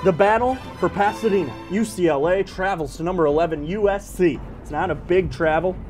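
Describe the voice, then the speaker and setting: A man's voice: high-pitched, fairly quick, soft background music. A man hosting a casual sports podcast, joking and teasing as he runs through game picks. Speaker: podcast host.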